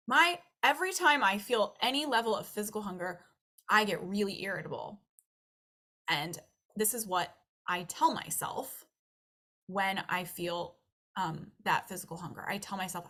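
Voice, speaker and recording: A young adult woman coaching on nutrition in a casual, chatty way, her tone bright and clear. She talks animatedly and slips into little acted voices for the thoughts in her head. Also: medium pitch, normal speed. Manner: animated, acts out her own inner thoughts in quoted voices. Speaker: nutritionist and weight loss coach.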